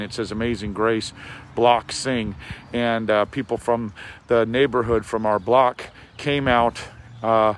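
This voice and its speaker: A hoarse man with a scratchy voice gives an earnest, rambling video update as an outreach pastor, recorded outdoors in a park on a handheld phone. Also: lowish voice. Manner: earnest, rambling, with many fillers.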